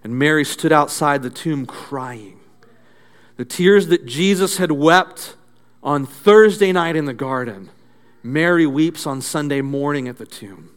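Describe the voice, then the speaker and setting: A male pastor delivering a sermon, dramatic, dropping low and soft and then building up again. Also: unhurried, clean tone. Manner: dramatic preaching with swings from soft to loud.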